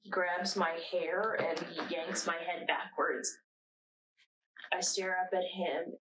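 A young woman acting a shaken narrator in a dramatic monologue, speaking slowly and haltingly with long pauses. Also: fairly low pitch, steady tone, a bit bright. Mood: haunted. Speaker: narrator recounting her own ordeal. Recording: distant mic with faint noise.

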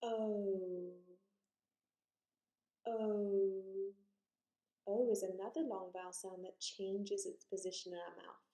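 A woman teaching a phonics lesson to young children, drawing out vowel sounds slowly and praising often. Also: medium pitch, steady tone, warm tone. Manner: slow, encouraging, exaggerated vowel sounds. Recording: echoey room.

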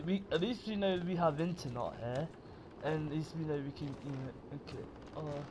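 A man, panicking and swearing through a horror game let's play while talking to his viewers. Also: a little high. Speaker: gamer. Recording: loud game noise behind the voice.

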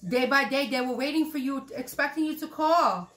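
A woman's voice: high voice, moderate pace, faint music behind. Blunt, cursing woman reading tarot. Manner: blunt, profane, repetitive; acts out quoted lines loudly. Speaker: tarot reader.

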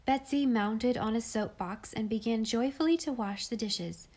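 Woman reading a kids' classic, clear and steady, kinda high voice. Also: normal speed. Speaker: audiobook reader. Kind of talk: scripted narration of a classic children's novel.

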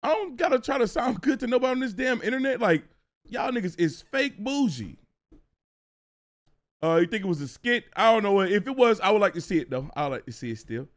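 Lively, profane young male streamer. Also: high-pitched, brisk. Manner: animated, profane, ranting to chat. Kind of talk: casual live-stream chat.

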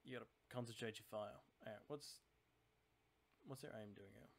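At a normal speed and with vocal fry in his lowish voice, a channel host plays a naval strategy game. He thinks aloud through his tactics in a relaxed, analytical, conversational let's-play.

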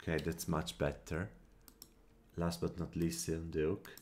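Deep-voiced male game commentator at his desk mic, musing and tallying out loud, short bursts of frustration. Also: flat delivery, a little hiss or hum. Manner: thinks aloud, counts under his breath, quick flashes of annoyance. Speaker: gameplay commentator. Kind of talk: casual strategy game commentary.

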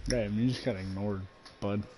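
A man's voice: fairly even intonation, moderate pace, background noise. A man streaming a game, chattering casually, swearing and sounding exasperated. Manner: profane and exasperated, swinging up and down in pitch.

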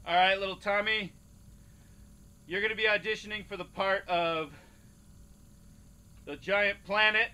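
An actor playing a tired male casting director running auditions in a flat, businesslike way. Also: high-pitched, a little slow, long pauses, clean tone, heavily acted. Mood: bored.

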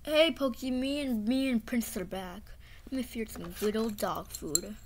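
A woman's voice: fairly high pitch, normal speed, slight background noise, lightly acted. Gumby, a woman doing a cheerful clay boy. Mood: casual. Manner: stammering, excited baby talk to a pet. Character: cheerful clay boy, carefree and thoughtless toward his friend. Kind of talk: home toy play-acting.

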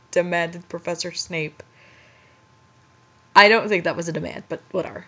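A woman's voice: lowish voice, fairly even intonation, normal speed, a bit bright. A woman reading bad fanfiction aloud and breaking off for incredulous, exasperated commentary. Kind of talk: dramatic reading with mocking commentary. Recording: muffled lo-fi recording.

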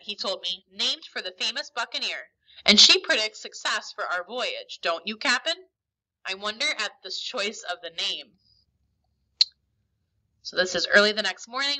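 A woman's voice: medium pitch, sing-song, moderate pace, sharp tone, rough recording. A woman teacher reading a story aloud to her class expressively, with small slips and restarts, then giving instructions.

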